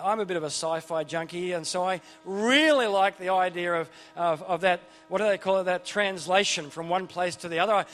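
A man's voice: high voice, a bit bright. A man preaching an informal sermon, enthusiastic and chatty, often restarting his sentences and drifting into asides. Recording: long reverb with faint music behind.

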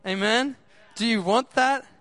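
A man's voice: extremely high pitch, measured pace, fairly bright tone, no room sound. A man preaching a sermon in an upbeat way, often asking the crowd questions.

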